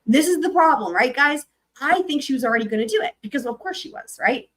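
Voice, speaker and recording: A woman hosting a live stream, reading court filings aloud and commenting on them in a chatty, animated way. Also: high voice, fast talker, rough recording. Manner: chatty, animated, breaks into sung snippets.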